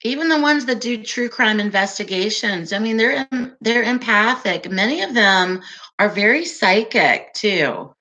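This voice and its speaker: A woman hosting a casual livestream, chatting with viewers in a soft, calming voice and an unhurried, giggly way. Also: medium pitch. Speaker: livestream host.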